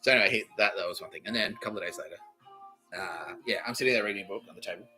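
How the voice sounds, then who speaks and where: A man hosting a podcast, telling a rambling comic story with lots of swearing and animated delivery. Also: fairly low pitch, very fast, faint music behind, rough recording. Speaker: podcast host. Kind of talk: comedic storytelling monologue.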